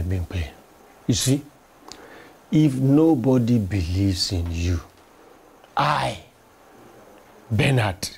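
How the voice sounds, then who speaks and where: Brief: a protective ally, extremely raspy, slow and reassuring. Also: male voice, mid-range voice, darkish tone, exaggerated voice. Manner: soothing, repetitive reassurance.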